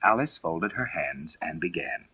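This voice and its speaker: Husky male audiobook narrator. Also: sits low, unhurried. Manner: expressive storytelling. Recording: dull lo-fi recording.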